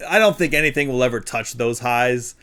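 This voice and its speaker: A man's voice: mid-range voice, a little fast, fairly bright tone, smooth. A man co-hosting a live-streamed talk show, chatting in an easygoing way and laughing often. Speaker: podcast co-host. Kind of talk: casual chat.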